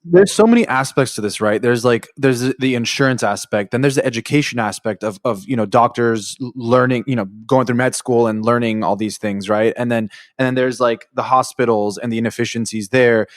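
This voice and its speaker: A man hosting a podcast interview, asking open questions in a relaxed way. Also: mid-range voice, a little fast, few pauses, dry recording, studio quality. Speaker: podcast host. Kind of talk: conversational interview.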